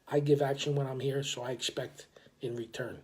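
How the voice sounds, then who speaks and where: A gruff mob boss barks blunt, profane orders, as a man quotes him in his own storytelling voice. The voice sits at an ordinary middle pitch and stays stern. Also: level tone, fairly quick, darkish tone, natural voice.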